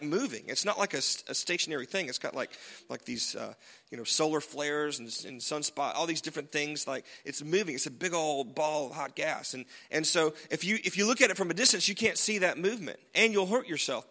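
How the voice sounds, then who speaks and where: A man's voice: high voice, pushed and bright. A man preaching a sermon in a casual, conversational way, with jokes and frequent asides to the congregation. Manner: conversational, humorous, frequent tag questions. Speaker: pastor.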